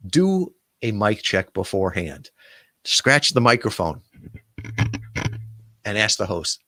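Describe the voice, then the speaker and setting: A man who runs a podcast guest agency, telling a story and giving casual advice with lively, filler-filled delivery. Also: on the low side, slow, pauses often, no room sound, studio quality. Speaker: podcast booking agency owner.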